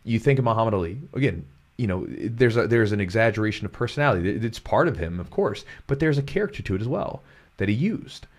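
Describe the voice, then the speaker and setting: Low-voiced guy from kentucky, earnest pep-talk podcast chat, keeps repeating himself. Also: lively intonation, fast. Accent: neutral American, former Kentucky twang trained away. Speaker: podcast host, jiu-jitsu coach.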